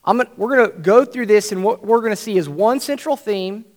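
Male preacher with a high voice, animated storytelling sermon that acts out each scene. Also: brisk.

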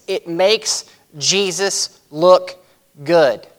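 A man's voice: on the high side, unhurried, long pauses, a bit bright. A man preaching a sermon in a conversational way, repeating himself and adding folksy asides. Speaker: pastor.

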